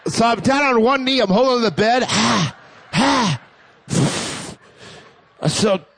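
A man in his forties preaching a sermon, telling a funny personal story with lively, high-pitched quoted voices. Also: slow pace, creaky, slightly rough.

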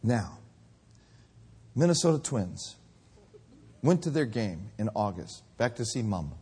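A man preaching a sermon, telling stories and then building to shouted calls to the congregation. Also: fairly low pitch, sing-song, a little slow, breathy edge. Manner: storytelling, rising to shouted exhortation.

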